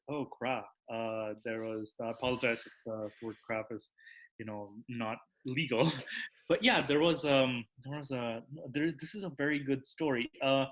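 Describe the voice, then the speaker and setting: Mid-range and sharp in tone, the man's voice belongs to a podcast guest chatting casually. He rambles through lengthy explanations, restarts sentences, and adds "that is" to the end of his points.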